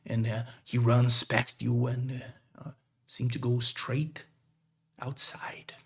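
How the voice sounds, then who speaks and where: A man narrates a tabletop game as game master, halting and filling pauses. His voice is gravelly and husky, and he takes his time. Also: medium pitch, monotone. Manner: halting, many fillers.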